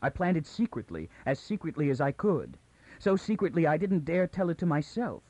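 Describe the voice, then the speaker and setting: A man's voice: a little high, very animated, moderate pace, darkish tone, slightly rough, no echo, dull audio, voice pushed up. A man voicing a tense, frightened young woman. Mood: urgent, tense. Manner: urgent, rising, near hysterical. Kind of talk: audiobook character reading.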